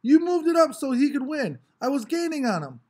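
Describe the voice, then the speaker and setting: A man's voice: fairly high pitch, unhurried, a little mellow. A man voicing a cocky, taunting teenage boy who talks in swaggering slang. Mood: angry protesting.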